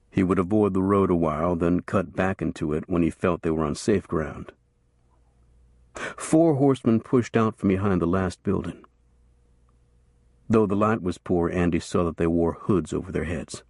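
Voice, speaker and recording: A man narrating a western novel as an audiobook in a steady, measured storytelling voice. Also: low-pitched, creaky, dry recording, clean studio sound.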